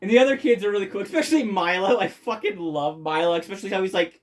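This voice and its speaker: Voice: mid-range voice, quick pace, hardly any pauses. A game reviewer talking casually and enthusiastically, swearing constantly and rambling with many fillers and restarts.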